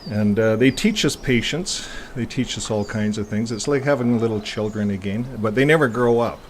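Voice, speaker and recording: A middle-aged man hosting his own talk show, chatting casually and rambling with plenty of filler pauses. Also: on the low side, a little hiss or hum. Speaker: host of a faith talk show. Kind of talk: casual chat to viewers.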